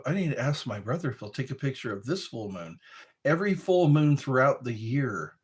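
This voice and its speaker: A middle-aged man hosting a casual livestream, rambling and reading chat messages aloud. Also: breathy edge. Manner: rambling, reads chat aloud, breaks into high howls and quoted lines. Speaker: livestream host.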